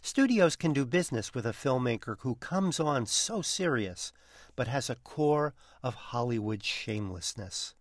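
Male critic, mid-pitched voice, dry booth, wry scripted review. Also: lively intonation, a little slow, dry recording. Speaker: film critic.

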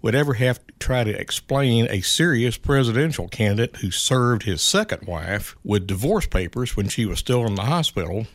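A middle-aged man giving wry, unhurried political commentary as a regular guest on a radio show. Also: medium pitch, lively intonation, dry recording. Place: radio studio.

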